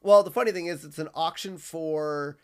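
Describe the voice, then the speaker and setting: A man's voice: on the high side, normal speed, clear, resonant tone. A man from Minnesota co-hosting a podcast, chatting casually and animatedly, picking apart plot points and often restarting his words. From Minnesota, USA. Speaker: podcast co-host. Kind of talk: casual chat.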